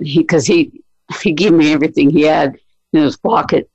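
A man telling animated family stories in casual conversation. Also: fairly high pitch, normal speed, no room sound, dull audio. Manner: animated storyteller. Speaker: family friend visiting. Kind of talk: casual storytelling among family.

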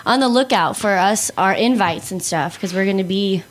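A teenage girl co-hosting a casual radio talk show, chatty and relaxed, with lots of fillers. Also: medium pitch, normal speed. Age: teens.

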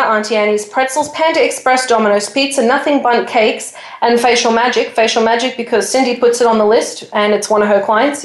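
A woman hosting a radio talk show, chatty and bubbly as she rattles off shout-outs. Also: a little high, reverberant, rough recording. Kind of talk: casual radio chat.

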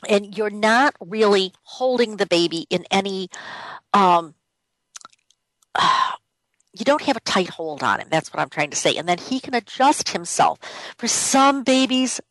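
Warm-up-free radio host: a woman talking in a dry, close voice, casual and emphatic. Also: medium pitch, lively intonation, unhurried, dry recording, low-quality recording. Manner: emphatic, repeats key points. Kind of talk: conversational radio talk. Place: home office.

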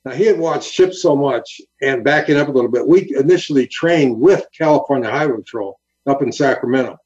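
A man's voice: mid-range voice, brisk. Man telling an earnest story, muffled audio. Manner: earnest, animated storyteller who acts out quotes. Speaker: guest, former highway patrol officer. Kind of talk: storytelling in an interview.

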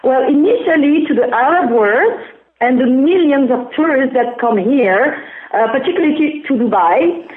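A woman's voice: high-pitched, lively intonation, normal speed, reverberant. French-accented woman on a tinny phone line. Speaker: interview guest, business founder. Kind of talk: explaining a business in an interview.

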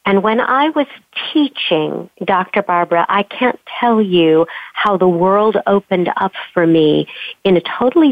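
A woman's voice: medium pitch, no room sound. A woman voice coach, a guest on a talk show, telling her story in a chatty way. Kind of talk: interview answers. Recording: tinny phone line.

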